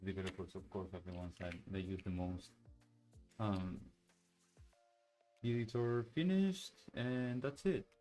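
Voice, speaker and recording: A man with a lowish voice demos his software over a screen share. He thinks aloud, restarting sentences and dropping fillers as he clicks around. Faint music plays underneath. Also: unhurried, long pauses, low-quality recording. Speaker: software developer demoing his project. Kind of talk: casual screen-share walkthrough.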